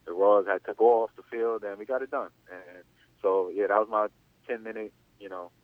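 A man in his thirties, a former athlete appearing as an interview guest, tells a long story in a loose, rambling way, saying "you know" constantly. His voice sits on the low side, with fairly even intonation and normal speed. The recording is dry, with a tinny phone-line sound.

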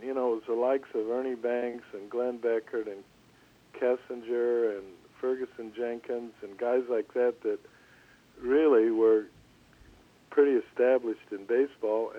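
An older man, a former pitcher appearing as a guest, tells stories in an interview over a tinny phone line. His medium-pitched voice is relaxed but halting, with lots of restarts.

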